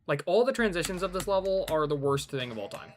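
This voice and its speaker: A man's voice: fairly high pitch, animated, quick pace, a little hiss or hum. A man streaming a hard game live, talking casually with an exasperated, rambling and joking manner.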